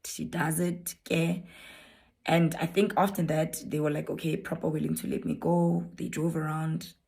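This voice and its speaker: A South African woman recounts her own story straight to her viewers, candid and a bit rambling, now and then slipping into Setswana phrases. Her voice sits fairly low with a noticeable gravelly fry running through it. It feels like an unscripted storytime vlog. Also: flat delivery, moderate pace, a little mellow.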